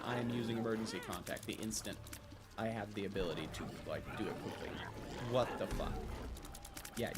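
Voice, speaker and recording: A young man streaming a video game live, thinking out loud, getting excited and swearing freely as he plays. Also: fairly low pitch, very noisy. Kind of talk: live gameplay commentary. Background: game music.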